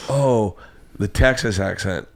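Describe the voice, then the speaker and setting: A man hosting a podcast, chatting casually in an excitable, crude and eager way. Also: lowish voice, slow, creaky. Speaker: podcast host. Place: podcast studio.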